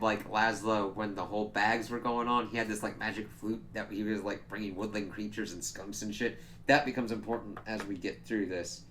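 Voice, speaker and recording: A man recaps an episode in a casual, excitable review. His voice is bright and forceful. He swears often and strings thoughts together with lots of "like", over a faint hiss of noise. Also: lowish voice. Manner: excitable, profane, full of "like" fillers.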